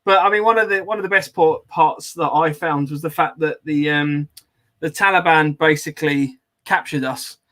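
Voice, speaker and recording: Bright-voiced podcast host. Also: male voice, fairly high pitch, moderate pace. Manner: chatty storyteller, many ums, laughing asides. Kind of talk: casual chat, anecdote.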